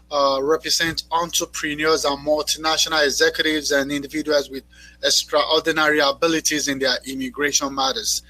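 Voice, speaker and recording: A middle-aged man opening a conference panel as moderator, speaking in a halting way with many fillers and repeated words. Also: on the high side, bright, forceful tone, low-quality recording. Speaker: panel moderator and expo organizer.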